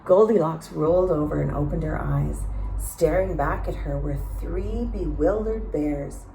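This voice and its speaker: A woman reading a children's story aloud, slow and expressive, pausing to ask the listeners questions. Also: sits low, creaky, a little hiss or hum. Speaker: storytime reader. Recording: echoey room.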